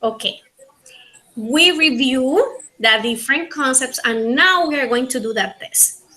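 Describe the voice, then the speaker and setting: A woman with a Panamanian Spanish accent teaching an online linguistics class in English, her second language, repeating key points slowly. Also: sits high, animated, sharp tone, poor audio. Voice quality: slow, repetitive teaching delivery. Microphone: video call.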